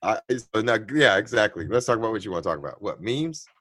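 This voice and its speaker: A man in casual chat as a co-host, excitable and animated, swearing freely. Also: lowish voice, fast talker.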